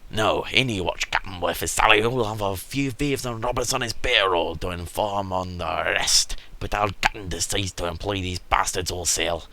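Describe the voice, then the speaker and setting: A crafty, long-winded town merchant from a medieval game, spoken in a put-on Scottish accent by a man reading his lines aloud. His low voice carries a bright, tense edge, and he lays out his schemes in a hushed, conspiratorial way. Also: moderate pace, few pauses. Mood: conspiring. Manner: wordy, conspiratorial storytelling.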